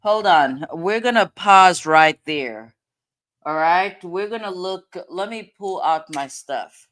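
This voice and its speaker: Chill host talking slow, smooth voice, laughs a lot, thinking out loud. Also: mid-range voice, expressive. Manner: thinks aloud, laughs often. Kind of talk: casual commentary.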